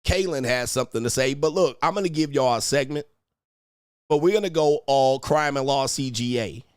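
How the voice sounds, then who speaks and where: A man's voice: mid-range voice, normal speed, clean tone, no room sound, clean studio sound. A man hosting a live stream, delivering an angry, profane rant full of insults and scornful laughter.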